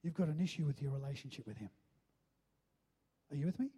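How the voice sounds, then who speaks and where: In a mellow, husky, mid-range voice, a pastor preaches quickly with lively intonation. He emphasizes each point and often checks in to ask if the congregation is following along.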